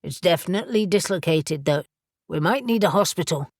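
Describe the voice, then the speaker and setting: A woman lowering her voice as a firm, proud male warlock. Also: lively intonation, a little fast, no room sound, clean studio sound.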